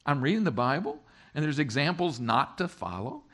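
A man as pastor giving a sermon, talking lively and joking with his congregation. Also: fairly high pitch, normal speed.

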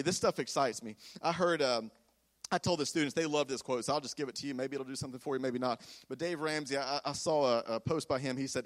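A man's voice: medium pitch, fast. A man preaching a sermon with energy, leading the audience in call-and-response. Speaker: pastor.

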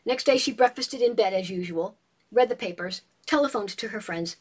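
A woman in a casual book discussion, retelling a novel as an animated storyteller and reading passages aloud. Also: medium pitch, moderate pace, slightly rough.

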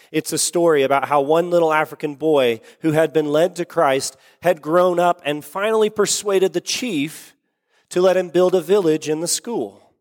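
Man preaching a story in a reverberant hall. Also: fairly high pitch. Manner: earnest, repeats words for emphasis. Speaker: pastor. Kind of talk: sermon storytelling. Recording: long reverb of a large hall.

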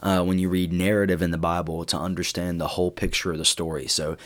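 A youth pastor giving an earnest, conversational Bible teaching for a podcast. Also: male voice, low-pitched, level tone, quick pace. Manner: earnest, conversational, with fillers and restarts.

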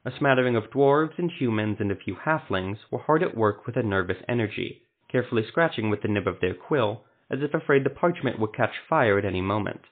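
A man narrating a fantasy story in a steady, descriptive reading style. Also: fairly low pitch, fairly quick, few pauses. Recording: phone-like narrow sound.

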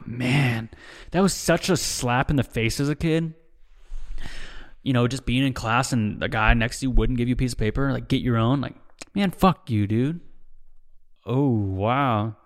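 A man's voice: medium pitch, vocal fry. A young man hosting a podcast, talking in a casual, rambling monologue. He swears freely and keeps tacking "dude" and "bro" onto the ends of his sentences. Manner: profane, rambling, says "dude" a lot. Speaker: podcast host. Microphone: desk mic, seen drinking on video.

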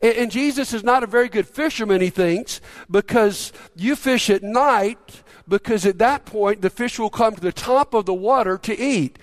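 A man's voice: high-pitched, moderate pace. A middle-aged male pastor preaching a sermon, telling a story in a conversational way with frequent restarts and questions to the congregation.

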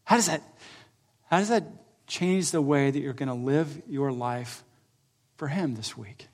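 A man's voice: a little high, measured pace. Man preaching a conversational sermon. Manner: conversational preaching, swings from loud to soft. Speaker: pastor.

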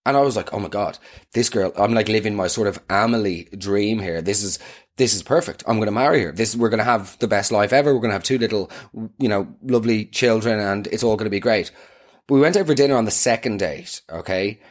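A man's voice: on the low side, fast. A young man hosting a podcast, telling comic stories in a rambling, self-mocking way and laughing through them. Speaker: podcast host. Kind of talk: comedic storytelling.

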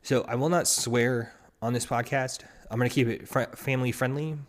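A man's voice: mid-range voice, steady tone, moderate pace. A man hosting a solo podcast, talking casually with many restarts and acting out quoted partners. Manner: rambling, restarts often, acts out quoted partners. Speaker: podcast host.

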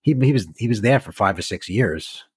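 A man's voice: on the low side, animated, brisk, slightly rough, dry recording, clean studio sound. A man in casual podcast chat, agreeable and easygoing as he reminisces.

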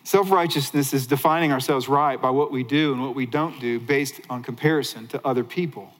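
A man preaching a sermon as a pastor, animated, rising to excited highs and dropping to hushed lows. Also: brisk, big-room sound, poor audio.

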